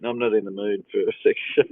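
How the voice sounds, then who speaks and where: A man with a lowish, fairly flat voice hosts an easygoing live Q&A, chuckling as he reads his viewers' questions aloud at a moderate pace. It's streamed from a phone, with no room sound and a dry, tinny quality.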